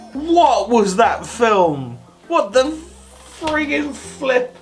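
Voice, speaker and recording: A man reviewing toys in a casual ramble, tipsy and hiccuping after shots, sarcastic and excitable, jumping from yelps to mumbles. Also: very high-pitched, very slow, pauses often, faint music behind. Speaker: toy reviewer.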